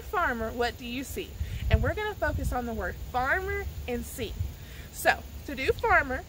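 A woman's voice: high voice, fairly bright tone, a little hiss or hum, low-quality recording. A woman leading a children's sign language lesson outdoors at a farm, cheerful and sing-song like a teacher. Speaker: children's librarian.

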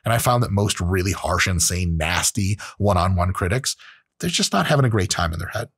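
A husky-voiced man in his late thirties speaks frankly and profanely to his audience as the host of his own show. His pitch swings widely as he talks, and the recording sounds close and dry. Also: lively intonation, fairly quick, fairly bright tone, no room sound. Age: late 30s. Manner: blunt and profane, with acted-out quotes. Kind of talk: casual solo monologue.

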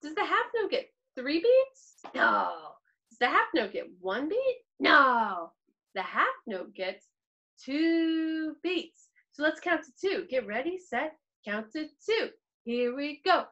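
A woman's voice: high-pitched, sing-song, slow pace, sharp tone, dull audio. A woman teaching a virtual piano class to preschoolers in a sing-song, playfully exaggerated way. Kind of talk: virtual music class for young children.

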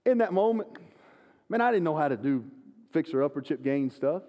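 A man preaching a sermon, an animated, self-deprecating storyteller. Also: a little high, fairly quick. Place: church sanctuary. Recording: long church hall reverb.

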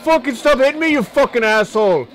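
A man's voice: extremely high pitch, big pitch swings, fast talker, some chatter behind, poor audio. Man mimicking a brash cursing fighter. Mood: taunting. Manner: profane, taunting, boastful rants. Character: brash foul-mouthed male Irish fighter, boastful and money-hungry. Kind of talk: comedic parody voice-over.

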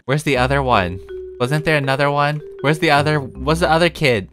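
A man's voice: a little high, normal speed, music in the background. A man giving casual gameplay commentary as a gaming YouTuber, giggly and mischievous and laughing often.

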